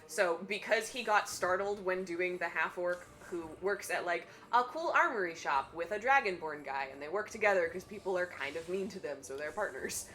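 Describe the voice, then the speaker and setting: A woman's voice: fairly low pitch, expressive, moderate pace, hardly any pauses, a bit bright. A woman chatting casually on a charity game stream, retelling a tabletop game story with lots of fillers and laughter. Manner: chatty, many fillers, laughs while telling stories.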